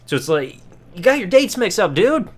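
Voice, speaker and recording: A man's voice: high voice, very animated, moderate pace, husky. A man hosting a podcast, giving a sarcastic, casual episode review and swearing freely. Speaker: podcast host.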